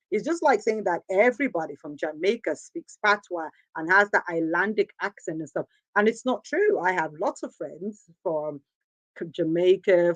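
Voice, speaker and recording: A woman's voice: on the low side, no echo. A woman from Nigeria hosting a show, giving an earnest, emphatic motivational talk and repeating phrases for stress. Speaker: host.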